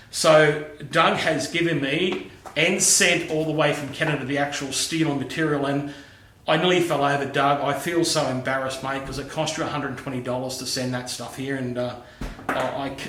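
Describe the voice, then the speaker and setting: A man's voice: medium pitch, fairly bright tone, echoey room. A middle-aged Australian man chatting casually to camera in his home workshop, friendly and matey, calling people "mate". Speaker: machining YouTuber.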